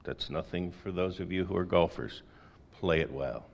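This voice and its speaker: A man's voice: low voice, moderate pace, vocal fry. A middle-aged man preaching a sermon in a conversational way, with folksy asides and rhetorical questions. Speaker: pastor.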